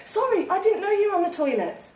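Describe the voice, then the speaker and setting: A woman's voice: very high-pitched, very animated, fast talker, darkish tone, slight background noise, voice pushed up. A woman author voicing a concerned young woman who asks anxious questions. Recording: echoey room, distant mic, audience laughter.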